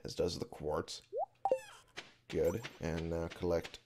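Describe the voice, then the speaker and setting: A man's voice: sits low, little pitch movement, slow pace, heavy background noise. A man giving casual gameplay commentary, muttering and swearing to himself in frustration. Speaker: let's play gamer. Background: game music.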